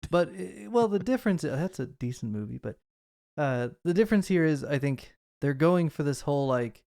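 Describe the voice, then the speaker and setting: A man co-hosting a film podcast, talking in an animated, rambling way with lots of fillers. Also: fairly high pitch, normal speed, vocal fry, no room sound, studio quality. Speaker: podcast co-host. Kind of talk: casual film discussion.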